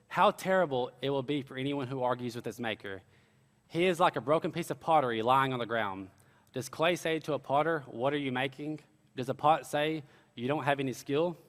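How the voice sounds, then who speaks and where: A man's voice: fairly high pitch, fairly bright tone, long reverb tail. A young man preaching a sermon, telling stories with earnest, casual asides. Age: young adult. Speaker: pastor.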